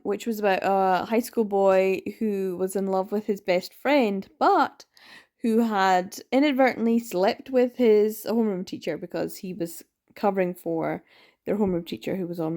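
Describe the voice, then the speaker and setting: A woman's voice: mid-range voice, mellow. Chatty woman vlogging her reads. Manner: chatty, rambling, laughs often, lots of ums. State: tired, yawning. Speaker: book vlogger. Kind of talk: casual reading vlog chat.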